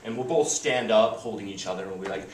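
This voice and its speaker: Rambling young comic in a roomy club. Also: male voice, fairly low pitch, fast, slight background noise. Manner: conversational, rambling with many "like" and "you know" fillers. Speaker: stand-up comedian. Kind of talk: stand-up routine. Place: small comedy club in New York. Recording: roomy club sound, voice a bit far from the mic, audience laughter. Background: audience laughter.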